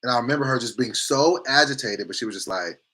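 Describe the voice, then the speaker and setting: A man hosting a morning show, telling a story in a casual, animated and profane way, acting out the lines of the people in it. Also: medium pitch, fast.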